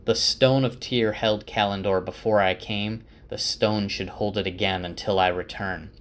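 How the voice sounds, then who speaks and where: A man voicing a young male leader who is weary and burdened, reading the lines quickly as part of a casual summary. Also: on the low side, steady tone, natural voice.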